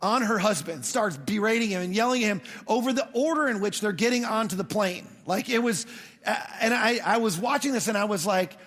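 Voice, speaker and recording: High-voiced man preaching in a hall. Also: brisk. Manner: conversational storytelling with animated quoted asides. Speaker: pastor. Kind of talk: sermon. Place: church auditorium.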